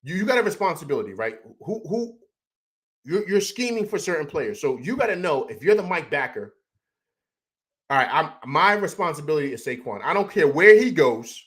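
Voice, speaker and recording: Heated, rambling sports host rant. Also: male voice, fairly high pitch, big pitch swings, normal speed, fairly bright tone, breathy edge. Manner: heated, rambling, repeats words and restarts. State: upset after a loss. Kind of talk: emotional postgame sports rant.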